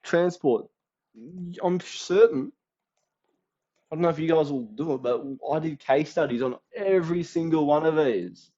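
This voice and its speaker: A man's voice: fairly high pitch, a little slow, mellow. Slangy young Australian guy, dull recording. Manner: slangy, chatty, acts out little quoted voices. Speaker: student giving exam revision tips. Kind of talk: casual exam revision rundown.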